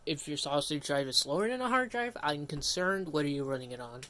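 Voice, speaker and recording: A man's voice: fairly high pitch, expressive, a little fast, pushed and bright. Rambling young-sounding male streamer, casual. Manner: rambling, self-interrupting, casually grumbling. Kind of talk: casual livestream commentary.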